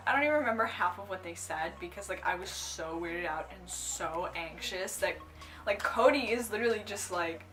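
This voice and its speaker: A woman's voice: lowish voice, fairly quick, music in the background. A young woman vlogger telling a casual story, rambling with lots of "like" and "um" and breaking into giggles. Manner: rambling, full of "like" and "um"; giggly, bursts into excited squeals. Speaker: cosplay vlogger.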